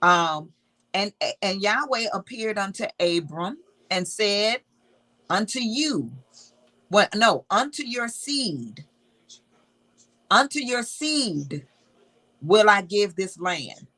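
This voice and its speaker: A woman's voice: mid-range voice, expressive, takes it slowly, pauses often, bright, forceful tone, rough recording. A woman teaching from the Bible in a casual, emphatic way, reading verses aloud and repeating key words.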